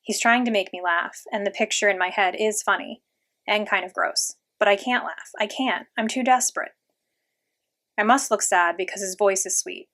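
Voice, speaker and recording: A woman reading a children's novel aloud in first person, in a steady, plain narrating voice. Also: medium pitch, moderate pace. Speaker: audiobook reader.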